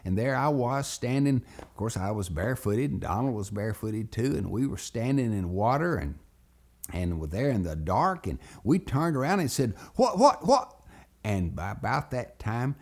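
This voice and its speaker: Man, storyteller, children's lesson, animated, gravelly, expressive pitch. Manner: animated, acts out voices.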